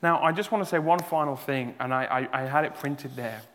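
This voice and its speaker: Male preacher, earnest sermon delivery with emphatic peaks, slightly higher voice, long church reverb. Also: a little fast, a bit bright, slight background noise. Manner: restarts and stumbles, emotional. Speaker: pastor. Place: church hall.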